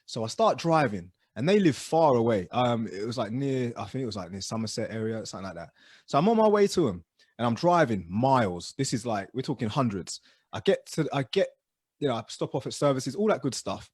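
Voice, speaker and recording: A man telling stories as co-host of a casual podcast chat, animated and dropping low and quiet for asides. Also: brisk, breathy edge, no echo, clean studio sound.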